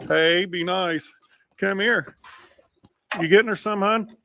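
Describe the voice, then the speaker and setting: Slow, doting man cooing at a pet. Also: high-pitched, gravelly, a bit bright. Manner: doting, coos at his pet in baby talk. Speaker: pet owner filming his animals. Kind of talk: casual home video.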